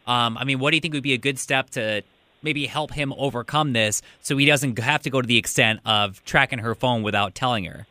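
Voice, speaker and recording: Bright-voiced radio show host, dry studio sound. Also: male voice, medium pitch, fairly quick, no echo. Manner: conversational, prompting callers. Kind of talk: call-in radio talk. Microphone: studio microphone.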